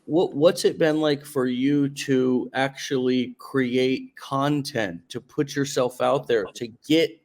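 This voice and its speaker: A man's voice: medium pitch, fairly even intonation, a little mellow. Guy hosting a podcast, coachy, drags out words to make a point. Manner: coaching, drawn-out emphatic phrases. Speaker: podcast host. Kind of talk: casual interview chat.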